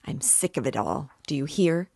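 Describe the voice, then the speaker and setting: A woman's voice: sits low, very animated, moderate pace, creaky, a little mellow, slightly rough, no echo, clean studio sound, exaggerated voice. A woman voicing an irritated, resolute young male student under suspicion in an audiobook reading.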